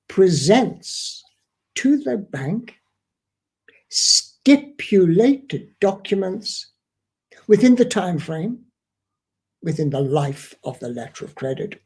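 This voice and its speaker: A middle-aged man explains a trade topic to camera at an unhurried pace. His voice is husky, and his pitch moves a lot as he stresses and repeats key points. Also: darkish tone. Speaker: international trade trainer.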